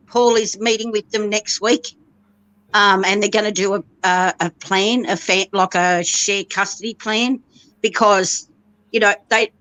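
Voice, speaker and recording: A woman's voice: medium pitch, a bit bright, no echo, rough recording. A middle-aged woman in casual chat, tearful and emotional, laughing through her tears and breaking off halfway through her sentences. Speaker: guest sharing family news.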